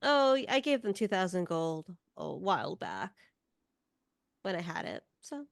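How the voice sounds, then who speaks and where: A woman's voice: on the low side, wildly swooping pitch, a little slow, vocal fry, dry recording, studio quality. Coy woman playing a tabletop game. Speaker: player. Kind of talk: in-character tabletop play.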